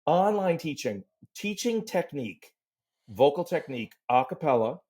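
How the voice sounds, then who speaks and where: A middle-aged man, a voice teacher, telling lively stories in a podcast interview and singing short demo syllables. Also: a little high, moderate pace. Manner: animated storyteller, sings demo syllables. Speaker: voice teacher and guest.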